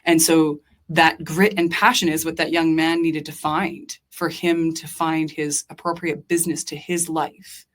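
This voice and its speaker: A woman's voice: low-pitched, level tone, a little slow, hardly any pauses. A young adult woman, a diner owner and chef, talking earnestly and passionately as a podcast guest, with many fillers and restarts. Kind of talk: casual interview chat.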